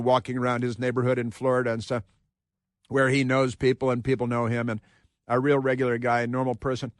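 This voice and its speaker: A man's voice: mid-range voice, fairly bright tone, no room sound, studio quality. A man hosting a political talk radio show, delivering a combative, sarcastic monologue that rambles with frequent restarts.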